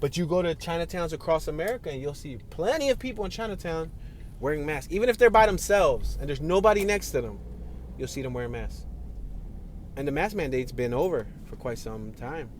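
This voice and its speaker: A man with a fairly high voice and lively intonation talks fairly quickly over slight background noise, sitting in a car in city traffic. As a driving tour vlogger he gives chatty commentary, laughs a lot, and speaks to people outside the car.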